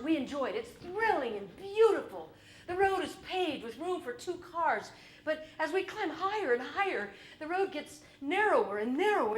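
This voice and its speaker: Animated high-voiced woman telling stories on stage. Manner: animated, comic, shifts between wry and loud. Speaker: solo performer. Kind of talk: solo stage show storytelling.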